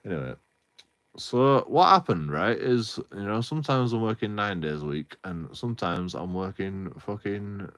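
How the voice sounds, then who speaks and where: A man's voice: fairly low pitch, expressive, normal speed, a bit bright. Ranting man, swearing. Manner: rambling, heavy swearing, frequent restarts. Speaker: live streamer. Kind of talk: casual live-stream rant.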